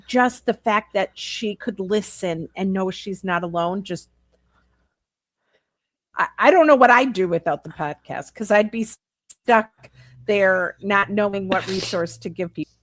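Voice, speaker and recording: Convidada de podcast, mulher, narra de forma sincera e animada; som seco e próximo. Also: female voice, medium pitch, a little slow, a bit bright, no echo. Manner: earnest storyteller acting out quoted dialogue. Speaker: podcast guest. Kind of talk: live podcast Q&A, storytelling.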